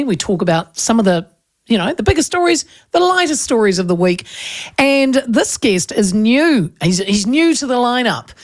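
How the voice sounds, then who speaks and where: A New woman hosting a relaxed radio chat from the studio. She talks in a chatty, easy way, laughs often and often restarts her sentences. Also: medium pitch. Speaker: radio host.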